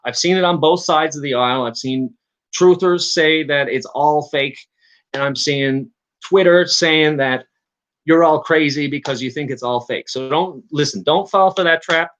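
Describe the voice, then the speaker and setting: This man, a Newfoundlander with the local accent, hosts a casual livestream in a somewhat bright, higher-pitched voice at normal speed. He wanders from thought to thought with frequent restarts and fillers while addressing his chat, and the highs are cut off in the audio.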